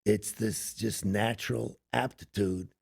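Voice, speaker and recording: A middle-aged man, an actor, chatting as a podcast guest in an emphatic, affirming way with a gravelly voice. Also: on the low side, fairly even intonation, darkish tone, dry recording, clean studio sound. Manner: emphatic and affirming, lots of quick agreement. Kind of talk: casual interview chat.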